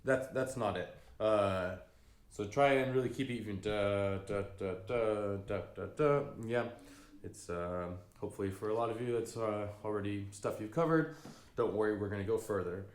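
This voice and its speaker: A man teaching fiddle bowing in a relaxed, unhurried way, often pausing with ums and singing out rhythms. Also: on the low side. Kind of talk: relaxed spoken music lesson. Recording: echoey room with fiddle playing.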